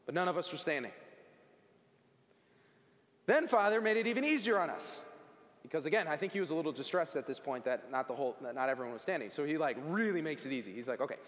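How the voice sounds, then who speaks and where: A man's voice: fairly high pitch, fast, pauses often. Man telling his story in a reverberant hall. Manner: animated, conversational storytelling. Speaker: speaker at a worship service. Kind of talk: personal testimony talk.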